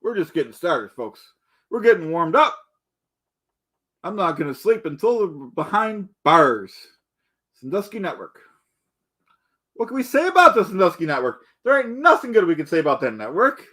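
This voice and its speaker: A man's voice: high voice, sing-song, normal speed, pauses often, sharp tone. A man in a rambling comedic rant, indignant and boastful, calling himself the Duke and stumbling over repeated words. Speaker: comedic ranter.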